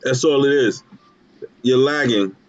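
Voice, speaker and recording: Slow-talking man on a lo-fi stream. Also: mid-range voice, dry recording. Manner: rambling, many fillers and restarts. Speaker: co-host. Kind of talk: casual live-stream chat. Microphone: video call. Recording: dull lo-fi video call audio.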